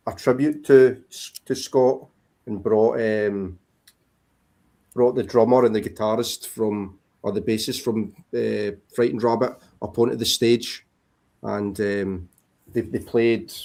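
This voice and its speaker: A man in a casual video call chat, showing records and rambling with many pauses and ums. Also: lowish voice, mellow. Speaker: vinyl collector showing records.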